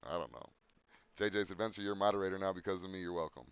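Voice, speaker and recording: A man's voice: deep voice, level tone, racing, clean tone, no room sound, lo-fi sound. A man hosting a podcast in casual chat, joking crudely and swearing. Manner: crude joking, breaks into silly put-on voices. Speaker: podcast host.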